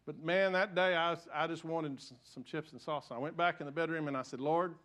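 High-voiced older pastor preaching. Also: male voice, fairly even intonation, fast. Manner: storytelling, self-deprecating humor, swings from loud to soft. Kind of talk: sermon.

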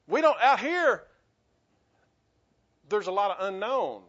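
A man's voice: high voice, big pitch swings, slow pace, long pauses, fairly bright tone. A man preaching a sermon as pastor, earnest and emphatic, often restarting his phrases. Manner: earnest, repetitive restarts, rising to emphatic bursts. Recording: dull lo-fi recording.

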